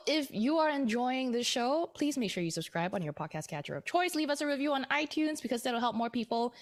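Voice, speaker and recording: A woman hosting a casual tech podcast, chatty and rambling as she explains things. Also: a little high. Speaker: podcast host.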